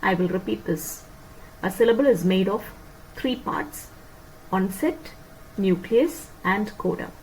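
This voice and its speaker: Woman teacher, lecture style, repeats herself, asks "you understand?", mid-pitched voice, faint hiss behind. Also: expressive, darkish tone, poor audio. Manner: repeats points and checks understanding with quick questions. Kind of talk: lecture on phonetics.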